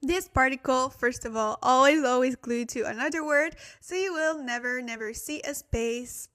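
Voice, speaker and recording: A young woman with a fairly high, slightly bright voice talks at a normal speed, sounding a little tired. She hosts a chatty Korean language-study livestream, teaching casually, thanking viewers and laughing at her own slips.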